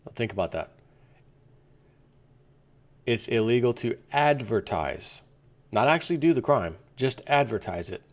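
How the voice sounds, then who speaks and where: Male vlogger, opinion commentary, indignant, rambling, middle-pitched voice. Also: animated, unhurried, long pauses. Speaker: vlogger host.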